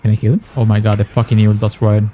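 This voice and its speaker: A man's voice: on the low side, level tone, fast talker, warm tone, faint music behind. A young man giving frustrated, sarcastic gameplay commentary, swearing often. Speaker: gaming YouTuber.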